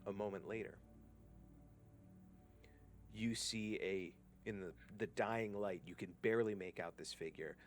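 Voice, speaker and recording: A man's voice: lowish voice, measured pace, long pauses, faint music behind. A man running a tabletop game as game master, narrating the scene in a descriptive way with some hesitant fillers.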